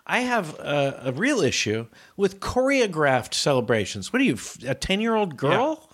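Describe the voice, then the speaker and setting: A man's voice: fairly high pitch, sing-song, moderate pace. A man in casual comedic chat, ranting in mock exasperation with stammering restarts.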